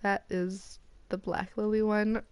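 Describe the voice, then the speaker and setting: An American woman streaming a game, chatting casually and getting excited as she opens loot boxes. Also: mid-range voice, slow pace, dry recording. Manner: excitable and chatty, squealing at rare items. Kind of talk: casual commentary while opening loot boxes.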